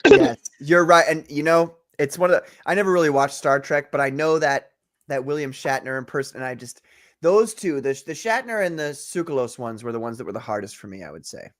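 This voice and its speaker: A man's voice: a little high, expressive, a little fast. A young man, an interview guest, chatting casually in a rambling, loose way. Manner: rambling, restarts, swearing. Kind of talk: casual chat.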